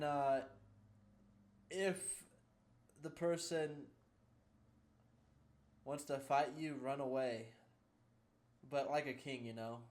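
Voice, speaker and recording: Crude, deadpan man, mid voice. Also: mid-range voice. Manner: crude, deadpan mock advice. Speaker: co-host. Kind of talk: casual reaction commentary.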